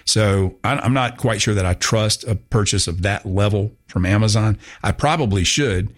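Guy hosting talk radio, lowish voice, rambly and joking at his own expense. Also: normal speed. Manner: chatty, rambling, self-mocking, frequent restarts. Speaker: radio show host. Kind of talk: casual talk radio chat.

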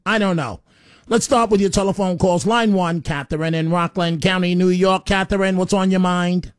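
A man's voice: sits high, steady tone, normal speed, clean tone, no room sound, studio quality. A man hosting a call-in radio show, talking in a blunt, rambling way and often stammering on repeated words. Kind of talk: opinionated talk radio monologue. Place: radio studio.

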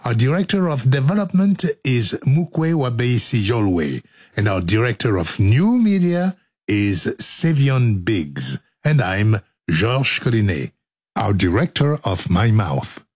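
A man's voice: medium pitch, big pitch swings, takes it slowly, darkish tone, slightly rough, no echo, clean studio sound. A middle-aged man hosting a radio show, joking and laughing his way through outtakes and retakes. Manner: playful, giggly, self-mocking.

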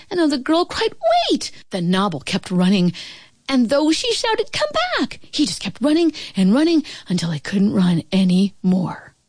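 A woman reading a children's storybook aloud in an expressive, playful way. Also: medium pitch, breathy edge, dry recording, studio quality.

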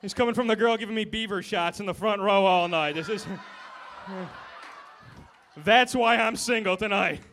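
A man's voice: sits high, moderate pace, fairly bright tone, a little hiss or hum. A man doing a stand-up routine, ranting and swearing as he builds his bit. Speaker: stand-up comedian.

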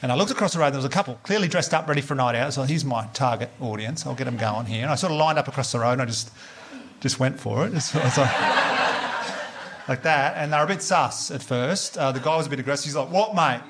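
A man's voice: mid-range voice, quick pace, background noise. An Australian man doing a live stand-up set, chatty and laughing as he teases the crowd. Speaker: stand-up comedian.

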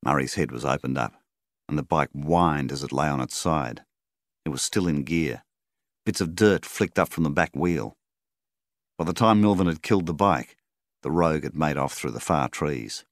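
A very deep, gravelly Australian man narrates a rural story in steady storybook fashion. His delivery rises and falls with lively intonation, and the recording is close and dry. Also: moderate pace, no room sound. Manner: steady storyteller, voices the characters. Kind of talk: audiobook narration.

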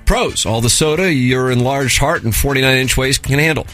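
A man's voice: mid-range voice, normal speed, fairly bright tone, faint music behind. A man hosting a radio show, reading listener emails aloud with a sarcastic, mock-formal delivery.

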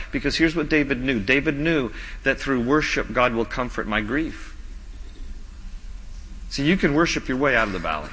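A man preaching a sermon as pastor, earnest, slowing down whenever he reads scripture aloud. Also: medium pitch, lively intonation, pushed and bright. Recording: long reverb of a large hall.

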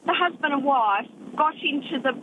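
A woman calling in by phone, telling a story in a rambling, animated way full of "you know"s. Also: high-pitched, moderate pace, phone-quality sound, a little hiss or hum. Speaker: caller. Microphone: phone line.

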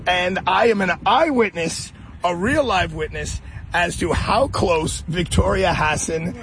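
A man's voice: high-pitched, unhurried, creaky, poor audio. A middle-aged man hosting a radio interview, effusive and talking over his guest. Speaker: radio host. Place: high-floor room, then a golf course.

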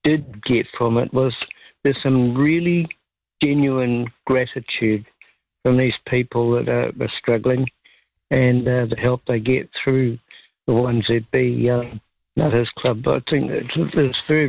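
A man calling in to a radio show, speaking in a polite, halting way with many fillers. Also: medium pitch, steady tone, creaky. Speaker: caller. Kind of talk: phone-in conversation. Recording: tinny phone line.

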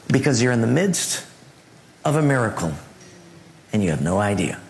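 Animated storytelling preacher. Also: male voice, moderate pace, pauses often, big-room sound, a little hiss or hum. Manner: animated storyteller who swings his pitch and laughs through his story. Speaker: pastor. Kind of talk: storytelling sermon.

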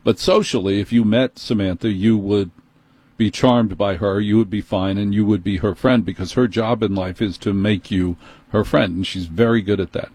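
A man with a New York accent hosting a call-in radio show, telling a story in an animated, indignant way. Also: on the low side, moderate pace, slightly rough, dry recording. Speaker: radio talk show host. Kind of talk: call-in talk radio monologue. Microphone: studio microphone.

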